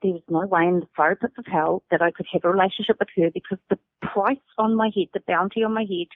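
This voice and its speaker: This middle-aged New Zealander shares her personal story as a guest, frank and liberally profane. She talks quickly in a mid-range voice with fairly even intonation, and the recording is dry and phone-like with no room sound.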